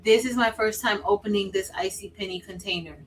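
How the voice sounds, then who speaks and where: A woman hosting a craft livestream, chatting casually with viewers by name while she works, swinging from excited exclaiming to quiet asides. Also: medium pitch, fairly quick, a little hiss or hum, low-quality recording. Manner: chatty, answers viewers by name, says y'all; drifts between excited exclaiming and soft asides.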